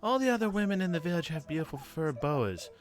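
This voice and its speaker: Spoiled young woman, high and petulant, played by a man. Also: very animated, fast. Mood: demanding. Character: vain young woman demanding a fur boa.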